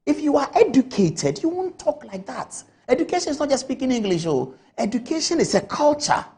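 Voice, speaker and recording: A woman's voice: sits high, sing-song, a little fast, dark tone. A woman giving heated political commentary on a TV panel, firing off rhetorical questions and scolding with repetition. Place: TV studio.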